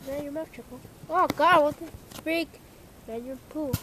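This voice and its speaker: A young woman vlogger films a casual home video, talking to the camera while shouting and swearing at her dog in playful exasperation. Her voice is high and her speed normal. There's a little hiss or hum on the track.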